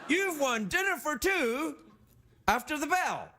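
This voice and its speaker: A squeaky Scottish puppet host. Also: male voice, big pitch swings, a little slow, sharp tone, a little hiss or hum, full character voice. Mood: manic. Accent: put-on Scottish. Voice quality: high, giddy, arm-waving, scatterbrained. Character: hyperactive squeaky Scottish puppet late-night host, male. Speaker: talk show host. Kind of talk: late-night puppet comedy.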